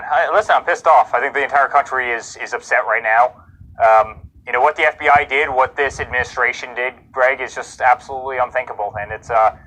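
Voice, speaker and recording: A man's voice: mid-range voice, sharp tone, low-quality recording. A man giving a live TV news interview as a guest, talking in a heated, indignant way and hammering points home with repetition.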